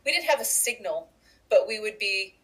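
A woman's voice: medium pitch, normal speed, low-quality recording. Chatty woman podcast co-host. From Canada. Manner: chatty, animated storytelling with asides. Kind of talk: casual chat.

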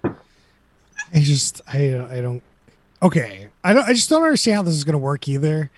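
A man's voice: a little high, very animated, moderate pace, dry recording. A man co-hosting a casual chat, rambling through incredulous rhetorical questions.

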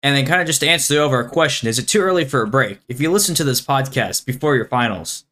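A man's voice: mid-range voice, lively intonation, fast talker, sharp tone. A teenage boy hosting a school podcast in casual chat, easygoing and laughing often. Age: teens. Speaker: podcast host.

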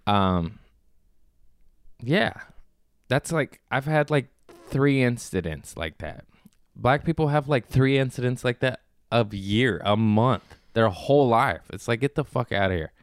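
A man's voice: medium pitch, animated, a little slow, clear, resonant tone, no echo, clean studio sound. A man in his thirties telling a rambling, profane story in a casual chat, laughing often and restarting his sentences. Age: 30s. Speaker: podcast host. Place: Los Angeles.

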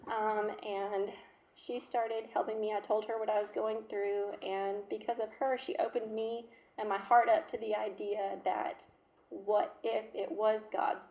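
A woman in her thirties, a mother telling her personal story in an emotional, halting, heartfelt way. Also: mid-range voice, vocal fry, a little mellow. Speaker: mother sharing her testimony. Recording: roomy echo.

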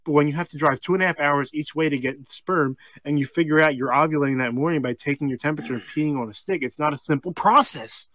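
A man co-hosting a comedy podcast, reading a strange story aloud, breaking off for deadpan asides and laughing mid-sentence. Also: on the high side, quick pace, hardly any pauses, no echo. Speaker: podcast co-host.

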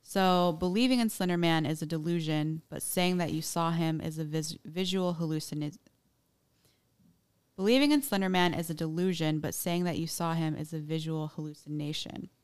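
A woman's voice: deep voice, normal speed, darkish tone, clear, resonant tone. A young woman co-hosting a podcast, chatting casually and reading from her notes with many fillers and restarts. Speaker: podcast co-host.

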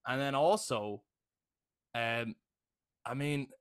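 A man's voice: mid-range voice, slow pace, clear, resonant tone. A young adult man co-hosting a podcast in casual chat, enthusiastic and casually swearing, often checking in with "right?". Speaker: podcast co-host.

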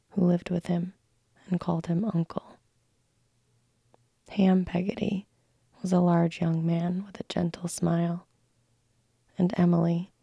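A woman narrating a classic story in a soft, slow unvoiced whisper, a whispered role-play read close to the mic. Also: lowish voice, gravelly, breathy edge, no echo, dull audio.

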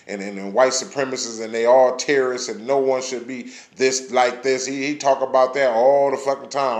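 A man's voice: medium pitch, roomy sound. A man delivering a blunt, passionate rant full of profanity, as in a recorded vlog. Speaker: vlogger ranting on camera.

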